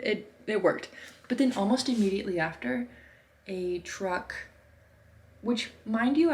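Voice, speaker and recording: Chatty young woman vlogger, lowish voice. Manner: chatty, lots of fillers, acts out quoted voices. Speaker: artist vlogger. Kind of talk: casual storytelling vlog.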